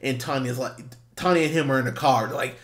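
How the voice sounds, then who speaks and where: A man's voice: fairly even intonation, quick pace. A man co-hosting a movie podcast, talking in a casual, exasperated way with lots of swearing and restarts. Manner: acts out quotes in high mocking voices. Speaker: podcast co-host, film reviewer. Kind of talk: casual chat.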